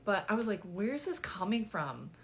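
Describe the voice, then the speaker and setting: A woman's voice: mid-range voice, very animated, normal speed, a little hiss or hum. A woman vlogger telling a dating story in a chatty, exasperated way, full of "like" and casual swearing.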